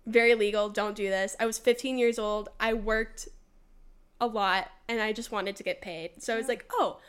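A woman's voice: medium pitch, fairly even intonation, moderate pace, clear, resonant tone. A young woman co-hosting a casual podcast, telling stories animatedly, acting out quotes, with many "like" fillers. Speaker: podcast co-host. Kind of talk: casual storytelling chat.

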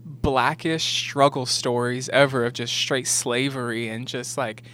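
Animated, swearing young man. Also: mid-range voice, measured pace. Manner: animated, profane storytelling with put-on quotes. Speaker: podcast co-host. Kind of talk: casual chat.

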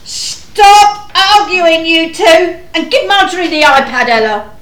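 A woman's voice: very high voice, expressive, fairly bright tone, exaggerated voice. Woman playing Ida Down, frazzled panto mum. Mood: exasperated. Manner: exasperated, chatty, slow drawn-out delivery. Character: frazzled harried mother in a shoe house. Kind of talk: amateur panto acting. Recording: echoey room.

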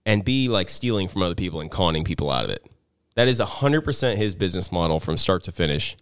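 Deep-voiced man chatting in a garage. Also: expressive, quick pace, smooth, no echo, studio quality. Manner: laughing, leads topics, swears freely. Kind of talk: casual chat. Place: home garage.

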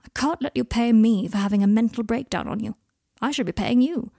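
Woman reading as a guarded young wizard, husky and shaky. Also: fairly high pitch, a little fast, mellow, no echo, clean studio sound. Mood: anxious.

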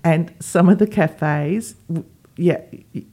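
A woman's voice: on the low side, slow pace. A woman, a podcast co-host telling a personal story in casual chat and acting out what others said. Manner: animated, acts out quoted dialogue.

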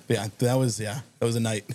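A man telling a long, animated story on a podcast, acting out the other people in it. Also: medium pitch. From Massachusetts. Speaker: guest storyteller. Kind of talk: casual anecdote on a podcast.

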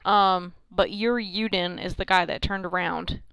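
A woman's voice: fairly low pitch, steady tone, moderate pace, creaky, fairly bright tone, smooth, no room sound. A woman co-hosting a podcast, telling a story in casual chat, rambling with many "um" and "like". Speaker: podcast co-host.

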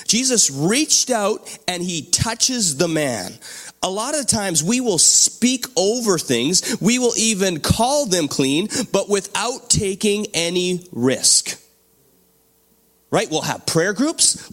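Lively man preaching a sermon. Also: sits high, takes it slowly. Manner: animated, asks the congregation for responses. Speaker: pastor.

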